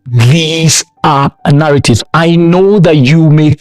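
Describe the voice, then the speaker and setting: A man's voice: on the high side, slow pace, a little mellow, no echo. A man from Nigeria preaching a sermon with emphatic repeated refrains. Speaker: pastor.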